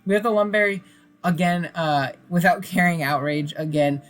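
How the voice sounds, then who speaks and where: A man's voice: mid-range voice, a bit bright. Tired man mumbling through game talk. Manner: rambling, filler-heavy, mumbling. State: tired, late at night. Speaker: competitive player and channel host. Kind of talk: casual game commentary. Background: faint background music.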